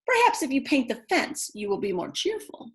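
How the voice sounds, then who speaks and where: A woman's voice: high voice, big pitch swings, moderate pace, pitched above the performer's own voice. A woman voicing a prim, fussy female hen in a read-aloud picture book, clipped and scolding.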